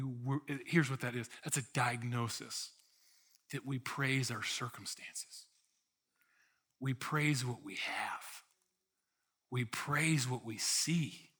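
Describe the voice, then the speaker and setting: A man preaching a sermon as pastor, lively and conversational, acting out complaining voices to make his point. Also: mid-range voice, slightly rough. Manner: animated preaching, acts out grumbling sheep in a whiny voice. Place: church sanctuary.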